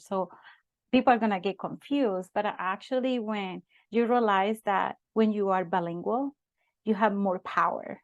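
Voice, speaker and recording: A woman's voice: medium pitch, measured pace, no echo, highs cut off. Cheerful Colombian-accented woman coach. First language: Spanish. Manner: cheerful, earnest, laughs often. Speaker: leadership coach, podcast guest. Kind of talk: interview conversation.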